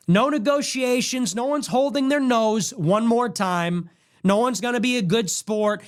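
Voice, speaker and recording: A young man hosting a podcast, delivering a combative political monologue and repeating his ultimatums in a mocking tone. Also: high-pitched. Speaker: podcast host.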